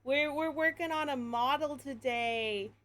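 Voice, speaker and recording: A woman streaming live in casual chat, excitable, laughing often and swearing freely. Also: sits high, a little slow.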